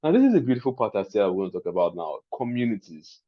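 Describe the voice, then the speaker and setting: A man with a Nigerian accent hosting a live webinar, chatty and excitable, often laughing as he teaches. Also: fairly low pitch, fast talker, lo-fi sound. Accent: Nigerian English. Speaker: webinar host.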